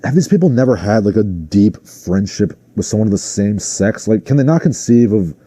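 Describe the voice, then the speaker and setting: A man hosting his own livestream, ranting in casual commentary with a sarcastic, exasperated edge. His voice is lowish and very dark and mellow. The sound is dry and close, with no room around it. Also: expressive, normal speed, dry recording. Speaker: livestream host.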